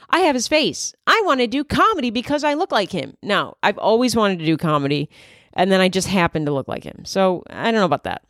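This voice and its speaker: A woman's voice: on the low side, no echo, clean studio sound. A woman in her thirties, a comedian hosting her own podcast, riffing in a wry, candid monologue full of asides. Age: 30s.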